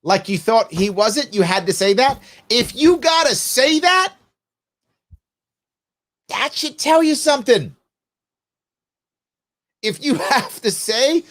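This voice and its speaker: A middle-aged man hosts a live political commentary show with a high, very lively voice that climbs and dips constantly. He argues his case in a back-and-forth manner, throwing rhetorical questions at his audience and slipping into quick impressions of other people. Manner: animated, argumentative, peppered with rhetorical questions; acts out quoted voices mid-rant. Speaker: host.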